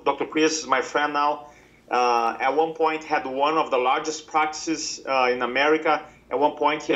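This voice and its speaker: Man, middle-aged, podcast guest, lively storytelling, muffled audio. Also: fairly high pitch. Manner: animated storyteller, acts out quoted lines. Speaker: podcast guest, speaker and coach.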